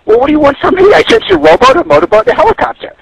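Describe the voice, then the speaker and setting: A man voicing an exasperated male God in a spoken joke, with a gravelly voice. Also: very high voice, expressive, very fast, slight background noise, voice pushed up, heavily acted, poor audio.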